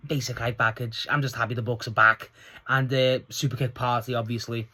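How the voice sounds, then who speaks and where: A man casually reviewing a wrestling show on his own, excitable and swearing freely as he recounts the segments. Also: medium pitch, fairly quick.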